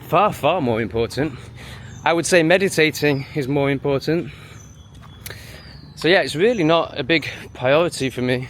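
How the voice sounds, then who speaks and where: A man's voice: a little high, normal speed, a bit bright, slight background noise. Sneering man vlogging outdoors. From England. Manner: dismissive, sneering. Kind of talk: walking vlog monologue.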